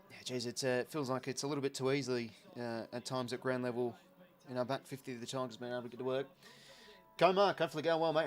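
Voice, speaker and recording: An Australian man hosting a live watch-along of a football game. He calls the play casually, swears now and then, and greets viewers by name. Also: medium pitch.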